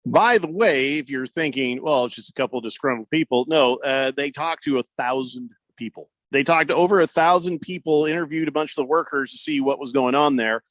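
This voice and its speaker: A man co-hosting a sports radio show, reading listener messages out loud and riffing on them in a loose, joking way with plenty of fillers. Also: fairly high pitch, normal speed, hardly any pauses, no room sound. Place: radio studio.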